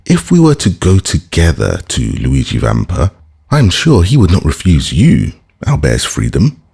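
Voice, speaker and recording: A man reading an audiobook, voicing an anxious young gentleman who speaks politely but urgently. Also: deep voice, huge pitch swings, normal speed, vocal fry, breathy edge, exaggerated voice.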